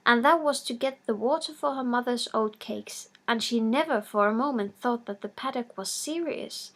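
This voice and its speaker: A woman's voice: on the high side, a bit bright. Woman reading a fairy tale aloud. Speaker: storyteller. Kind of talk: scripted narration of a fairy tale.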